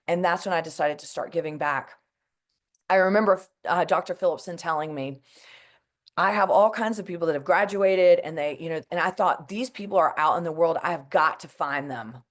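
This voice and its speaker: A woman's voice: lowish voice, brisk. A woman, speaking earnestly and emotionally to an audience as a mental health advocate, with many fillers like "like" and "you know.". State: emotional, close to tears. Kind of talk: heartfelt personal talk to an audience.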